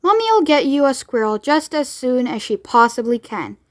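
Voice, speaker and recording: A woman's voice: high voice, big pitch swings, moderate pace. A woman voicing a doting rich mother who speaks in a soothing, indulgent way.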